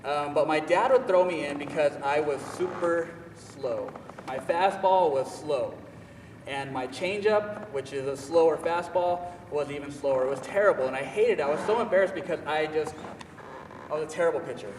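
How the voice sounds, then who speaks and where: A young man telling a personal story in an animated, self-mocking, emphatic way. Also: fairly high pitch, normal speed, background noise. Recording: echoey hall, voice from far off, faint ambience.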